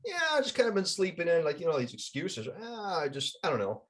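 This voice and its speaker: A man's voice: on the high side, wildly swooping pitch, a little fast, fairly bright tone. A man voicing the restless, exasperated hero of a spoken parable, told casually in a podcast interview. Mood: sheepish.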